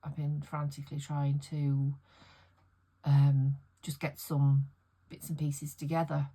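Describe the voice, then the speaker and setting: A woman's voice: deep voice, completely flat delivery, takes it slowly, dark tone, breathy edge, poor audio. A middle-aged woman chatting casually in her home art studio, rambling and laughing often as she talks. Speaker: art vlogger. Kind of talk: casual chat.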